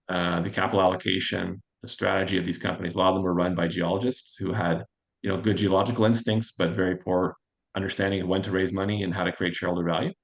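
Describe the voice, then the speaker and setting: A man in his forties, a fund manager guest, telling his career story in an interview with a quick, self-assured manner. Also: sits low, vocal fry. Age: 40s. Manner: fast, anecdotal and self-assured.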